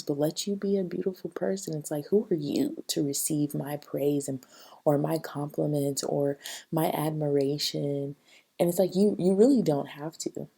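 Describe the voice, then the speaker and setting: Husky low-voiced woman giving chatty advice. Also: steady tone, moderate pace, mellow. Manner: chatty, emphatic, acts out quoted voices. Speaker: vlogger. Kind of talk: casual talking-head advice.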